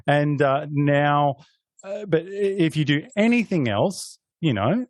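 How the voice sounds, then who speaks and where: Male podcast co-host, hesitant and jokey, slightly high, dry close sound. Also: animated, slow, no echo. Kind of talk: casual podcast chat.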